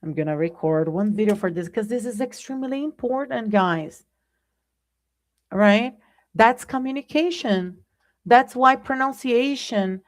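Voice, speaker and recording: Slow-talking Brazilian woman teaching English. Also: on the high side. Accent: Brazilian Portuguese. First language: Portuguese. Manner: conversational, addresses viewers as "guys", keeps asking "right?". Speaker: English teacher hosting a live class. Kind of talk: live-streamed language lesson.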